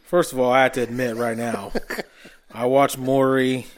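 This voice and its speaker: A man's voice: medium pitch, flat delivery, normal speed. A man co-hosting a podcast who chats casually and laughs easily. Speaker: podcast co-host. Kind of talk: casual chat.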